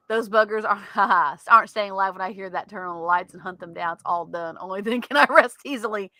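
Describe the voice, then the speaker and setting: A woman's voice: mid-range voice, moderate pace, sharp tone, dry recording. A woman with a Southern US accent, co-hosting a podcast in casual chat, chatty and laughing often. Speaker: podcast co-host. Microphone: studio mic.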